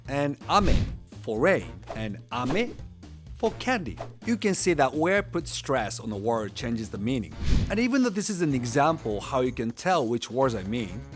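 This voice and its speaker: A man with a Japanese accent, a YouTube host explaining Japanese in a playful, jokey way. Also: mid-range voice. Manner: playful, jokey, animated delivery. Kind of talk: comedic explainer video.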